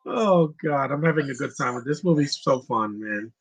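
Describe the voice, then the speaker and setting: A man's voice: medium pitch, animated, moderate pace, vocal fry, breathy edge. A man hosting a casual live movie commentary, chatty and opinionated, reading out viewer questions and rambling with restarts. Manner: rambling with frequent restarts and laughs.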